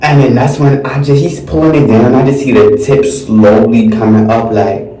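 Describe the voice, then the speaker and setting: A young man telling a crude, animated storytime in a vlog, with shrill mocking quotes. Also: moderate pace. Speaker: vlogger. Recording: echoey room, far from mic, faint music.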